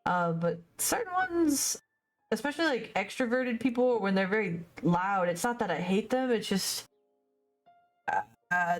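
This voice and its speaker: Streaming as she paints, this young woman keeps up a loose, rambling chat full of verbal stumbles. She sounds animated, a little slow, and mid-range in pitch, and faint music plays behind her.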